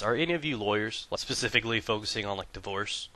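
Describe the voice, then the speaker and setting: A man's voice: fairly low pitch, fast. A man hosting a gaming video, telling a comic story and talking through his gear with crude, profane banter. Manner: shifts from hushed storytelling to loud excited bursts. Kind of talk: comic storytelling and gameplay commentary.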